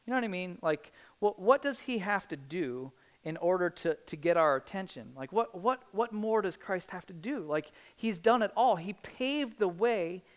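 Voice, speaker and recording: A woman's voice: fairly low pitch, lively intonation, normal speed, few pauses. A middle-aged woman preaching a sermon in an earnest, conversational way, often saying "like". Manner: earnest, conversational, many "like" fillers.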